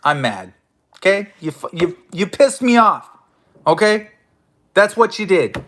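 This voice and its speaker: A man's voice: sits high, sing-song, a little slow, fairly bright tone. A man hosting his own online show, ranting angrily at his listeners with constant swearing and stammered restarts. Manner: profane, confrontational, stammering restarts. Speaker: host of an online audio room show. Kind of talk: angry ranting monologue.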